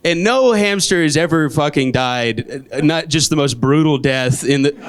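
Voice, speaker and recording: A man in his late twenties performing a stand-up comedy set, telling stories in a dry deadpan with sudden jumps into high, exasperated voices. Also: moderate pace. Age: 20s. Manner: deadpan storytelling with sudden high-pitched outbursts. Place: comedy club stage. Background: audience laughter.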